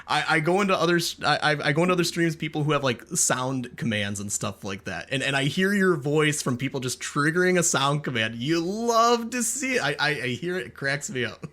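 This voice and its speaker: A man hosting a casual podcast chat, upbeat and halting, with many restarts. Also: on the high side, lively intonation, pushed and bright. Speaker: podcast host.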